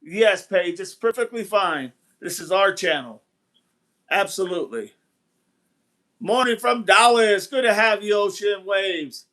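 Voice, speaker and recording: A man with a high-pitched, fairly bright voice speaks at a measured pace. He's hosting a casual livestream, rambling, repeating himself, and greeting viewers as he reads the chat.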